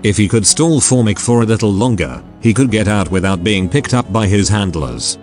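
Low synthetic male narrator. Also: normal speed, faint music behind. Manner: flat synthetic delivery. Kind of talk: text-to-speech story narration.

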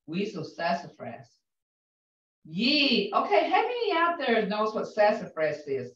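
An older woman teaching a language class, slowly sounding out syllables and words and repeating them patiently for her students. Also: mid-range voice, sing-song, a bit bright. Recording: roomy, distant, dull lo-fi sound.

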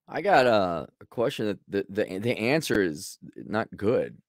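Sarcastic guy ranting casually, lowish voice, dead dry sound. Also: very animated, a little slow, dry recording. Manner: blunt, sarcastic, rambling with restarts. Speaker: host answering a viewer question. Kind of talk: casual monologue commentary.

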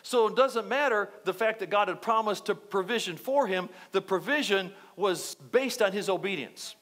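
High-pitched man preaching. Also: moderate pace. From United States. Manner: animated, repetitive preaching with asides to the congregation. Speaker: pastor. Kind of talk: sermon. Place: church.

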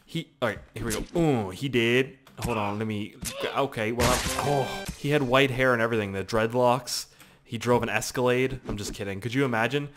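A young man from Canada giving joking, animated let's-play commentary, swearing freely as he plays. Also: mid-range voice, normal speed, background noise. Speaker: gaming commentator.

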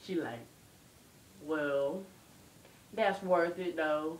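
A man's voice: fairly high pitch, very slow, pauses often, a bit bright. A groggy young man, loopy after dental anesthesia, rambling and giggling through a slurred story. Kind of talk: casual home video rambling. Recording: echoey room, far from the mic.

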